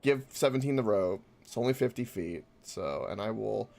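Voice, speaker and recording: A man's voice: lowish voice, expressive, normal speed, vocal fry, a little mellow. A man playing a tabletop game, animatedly narrating his character's actions and laughing with the group. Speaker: player.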